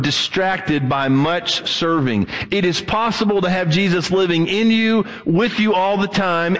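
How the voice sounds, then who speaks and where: A male pastor preaching a sermon, swinging his voice high and low and acting out the people he quotes. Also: fairly bright tone, long reverb tail, poor audio.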